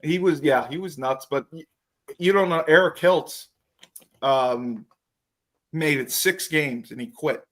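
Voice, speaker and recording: A man hosting a podcast, telling profane, animated stories and acting out what others said in casual chat. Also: fairly high pitch, unhurried, pauses often. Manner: profane, animated storytelling with acted quotes. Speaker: podcast host.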